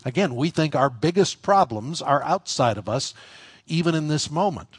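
A man's voice: fairly high pitch, animated, normal speed, husky, no echo, clean studio sound. A man preaching a sermon in a conversational way, building to emphatic points. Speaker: pastor.

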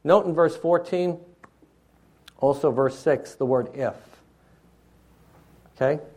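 A man's voice: on the high side, takes it slowly, a little mellow, husky. Man preaching a teacherly sermon. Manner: teacherly, checks in with the listeners. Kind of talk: expository sermon.

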